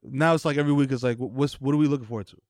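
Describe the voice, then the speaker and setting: A man's voice: medium pitch, fairly even intonation, rapid-fire, a little mellow, no room sound, studio quality. A man chatting casually as a podcast co-host, rambling and slangy. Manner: rambling, lots of fillers and restarts, slangy. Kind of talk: casual chat.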